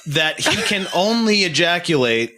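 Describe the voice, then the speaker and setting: A man's voice: on the high side, sing-song, moderate pace, pushed and bright. A man in a casual podcast chat who swears and sounds outraged.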